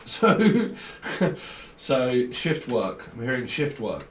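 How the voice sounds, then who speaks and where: A man's voice: a little high, very animated, slow, far from the mic. Guy rambling thru a tarot reading, chuckles a lot, sounds a bit off mic in an echoey room. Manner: rambling, free-associating, chuckles often. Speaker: tarot reader. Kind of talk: casual tarot reading monologue. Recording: roomy sound, off-mic, faint background hiss.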